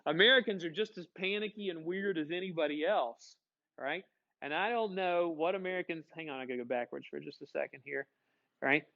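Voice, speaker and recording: Guy teacher lecturing a class, kinda high voice, jokey, dull lo-fi recording. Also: fairly quick, vocal fry. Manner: chatty, joking, asks the class questions.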